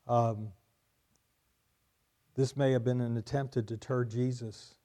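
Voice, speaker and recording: Male pastor, mellow low-key tone, emphatic sermon delivery, repeats lines for stress. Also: level tone, slow pace.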